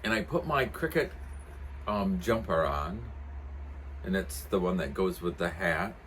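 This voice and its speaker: A man's voice: low-pitched, lively intonation, measured pace, fairly bright tone, slight background noise. A man chatting casually on his vlog, telling a rambling story with chuckles. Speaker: vlogger.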